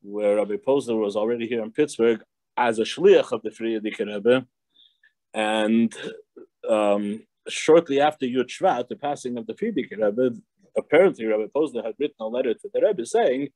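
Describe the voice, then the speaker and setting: A man's voice: medium pitch, normal speed, dark tone, no echo. A man, a rabbi, teaching an informal class, telling stories with many restarts and small laughs. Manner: digressive storytelling with frequent laughs and restarts.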